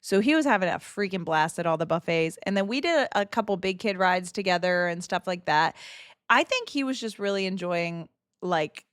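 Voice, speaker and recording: A woman in her thirties chatting casually on a livestream, excitable and emotional, swearing freely and laughing often. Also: fairly low pitch, moderate pace, no room sound, studio quality. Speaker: streamer.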